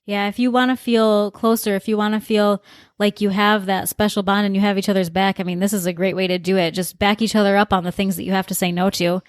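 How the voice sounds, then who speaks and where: A woman's voice: mid-range voice, flat delivery, quick pace, dry recording, studio quality. A woman co-hosting a relationship podcast, speaking in a caring, conversational way. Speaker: podcast co-host. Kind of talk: casual advice talk.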